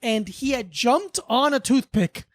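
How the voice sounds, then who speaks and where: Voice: mid-range voice, animated, unhurried, no echo, studio quality. A podcast co-host from Florida, telling a childhood story in loose casual chat full of "like". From Hollywood, Florida, US. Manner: loose, rambling with many "like"s.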